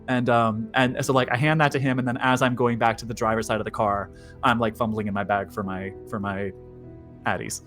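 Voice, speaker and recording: A man's voice: medium pitch, flat delivery, a little fast, a bit bright, faint music behind. A man playing a tabletop role-playing game, rambling through his turn with many restarts. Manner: rambling, full of fillers and restarts, laughing. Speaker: player. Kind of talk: casual tabletop game play.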